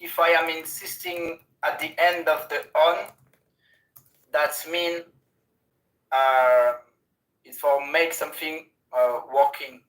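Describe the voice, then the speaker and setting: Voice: medium pitch, fairly even intonation, slow pace, pauses often, fairly bright tone, distant mic. A language learner in an online lesson, speaking hesitantly and searching for words. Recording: roomy echo.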